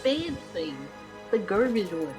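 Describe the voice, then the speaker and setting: A woman's voice: mid-range voice, big pitch swings, slow, music in the background. A woman chatting casually while playing a video game with friends, with playful, exasperated complaints. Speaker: game player. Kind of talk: casual gaming chat.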